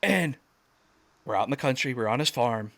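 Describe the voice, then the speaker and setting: A man guest on a video call telling a story in a casual interview, acting out quoted shouts with sudden jumps up in pitch. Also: animated, moderate pace.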